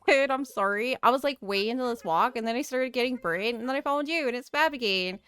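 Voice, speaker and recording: A woman's voice: a little high, brisk, fairly bright tone, clear, resonant tone, dry recording, natural voice. A woman voicing a bubbly young female duck villager, reading her game lines in a gushing, sing-song way. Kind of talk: reading game character dialogue.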